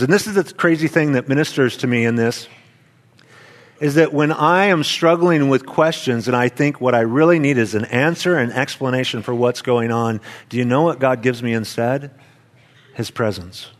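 A man, a pastor, preaching a sermon in church in an animated, storytelling way, acting out quoted voices. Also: mid-range voice, moderate pace.

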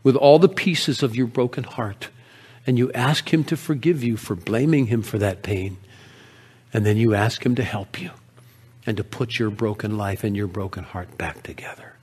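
A man's voice: on the low side, moderate pace, slightly rough, big-room sound, voice pushed down. A man voicing a fierce faithful village woman. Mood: tender. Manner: rebuking, then tender and hushed.

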